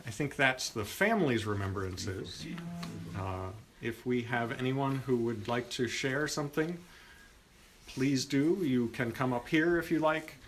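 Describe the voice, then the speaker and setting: A man hosting a memorial gathering, gentle and wry as he invites people up to share. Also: mid-range voice, measured pace, a little hiss or hum, poor audio. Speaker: memorial emcee.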